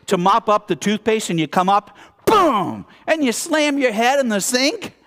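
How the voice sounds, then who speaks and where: A man's voice: sits high, measured pace, hardly any pauses. A man giving a storytelling sermon at a spiritual center, acting out the scenes with exclamations. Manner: animated, acts out scenes with exclamations. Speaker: speaker at a spiritual center service.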